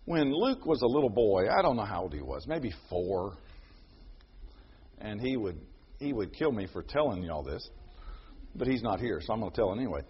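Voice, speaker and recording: A middle-aged man preaching a sermon. He moves between loud proclaiming and quiet, personal storytelling. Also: lowish voice, big pitch swings, moderate pace, pauses often, slightly rough. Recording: dull lo-fi sound.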